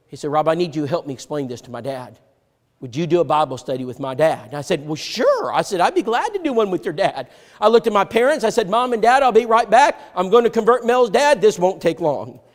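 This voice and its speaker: Preacher telling a story in a reverberant hall. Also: male voice, fairly high pitch. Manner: acts out quoted dialogue with sharp swings from loud to hushed. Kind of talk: sermon storytelling. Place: church sanctuary.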